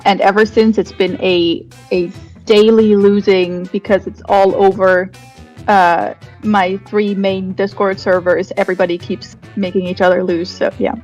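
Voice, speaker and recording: A woman of middle pitch explains things in a rambling, apologetic way during a casual livestream chat. Faint music runs underneath her voice. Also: level tone, unhurried, darkish tone, highs cut off.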